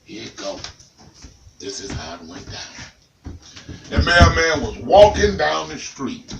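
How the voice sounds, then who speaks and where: A man telling a comic tale in an animated, dramatic way, talking straight to the listener. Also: mid-range voice, takes it slowly, vocal fry, reverberant, distant mic, background noise. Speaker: storyteller.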